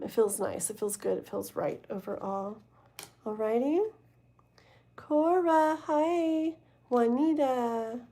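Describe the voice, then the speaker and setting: A woman's voice: mid-range voice, dark tone. A woman reading tarot live and chatting casually with viewers, with many fillers and "okay?" check-ins. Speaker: tarot reader.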